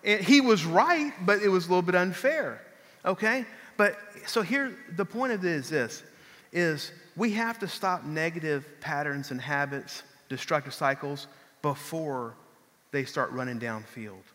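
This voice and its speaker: High, bright-voiced pastor preaching in a hall. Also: male voice, measured pace. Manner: conversational storytelling, animated, acts out quotes. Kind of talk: sermon. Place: church. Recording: long reverb of a large hall.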